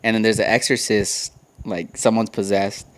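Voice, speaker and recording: A young man co-hosting a podcast, telling a story in relaxed casual chat with loose hesitations. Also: lowish voice, moderate pace. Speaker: podcast co-host.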